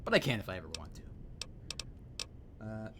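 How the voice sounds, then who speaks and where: A man's voice: fairly low pitch, huge pitch swings, brisk, noisy background. A man streaming his own game mod, chatting casually and mocking himself as he plays. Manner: rambling, self-mocking, laughs at himself. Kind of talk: casual commentary over gameplay.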